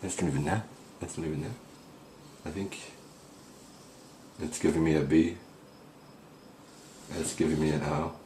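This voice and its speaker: A man's voice: rumbling low, steady tone, moderate pace, pauses often, warm tone, echoey room, slight background noise. A man hosting a spoof paranormal investigation, rambling and faking panic and awe. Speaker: host of a mock paranormal investigation. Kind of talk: comic mock-serious ghost hunting.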